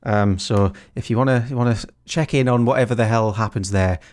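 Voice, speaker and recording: A man's voice: medium pitch, brisk. A man co-hosting a comedy podcast, reading donor names and plugging merch with laughter. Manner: animated, laughing, reads donor names loudly. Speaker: podcast co-host. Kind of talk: casual podcast banter.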